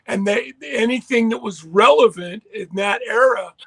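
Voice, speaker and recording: A man's voice: sits high, normal speed, creaky, a bit bright, breathy edge, no echo. A man co-hosting a casual podcast chat, talking in an enthusiastic, rambling way with restarts. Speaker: podcast co-host.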